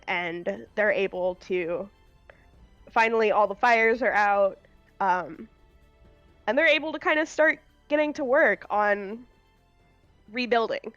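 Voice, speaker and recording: A woman running a tabletop game as game master, narrating in an unhurried way with frequent fillers and laughs. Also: medium pitch, fairly bright tone, no room sound, lo-fi sound.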